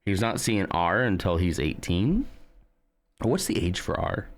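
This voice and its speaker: A man's voice: sits low, very animated, a little slow. A man in his thirties, a streamer chatting casually with his viewers in a rambling way. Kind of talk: casual chat.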